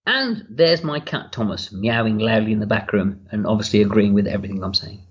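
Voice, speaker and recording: A man with a lowish voice gives a candid, rambling director's commentary and curses casually along the way. He talks from a room at home. The recording sounds dull and lo-fi. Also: expressive, fairly quick. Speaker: writer-director giving commentary. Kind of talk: relaxed audio commentary.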